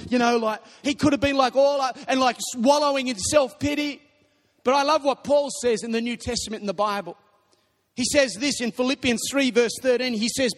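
A young man preaching a sermon, telling stories animatedly and breaking into shouts. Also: very high voice, brisk. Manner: animated storytelling, bursts into shouting. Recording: long reverb of a large hall.

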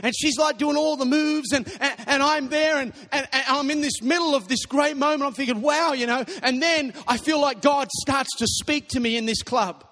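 A young man preaching a sermon, telling stories animatedly and breaking into shouts. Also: very high-pitched, moderate pace, few pauses. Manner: animated storytelling, bursts into shouting. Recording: long reverb of a large hall.

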